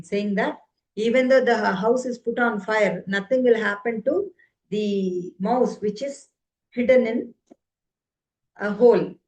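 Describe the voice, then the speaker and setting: A woman's voice: mid-range voice, rough recording. A woman giving an earnest explanatory talk, full of fillers and rhetorical questions. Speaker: speaker on ancient Indian arts.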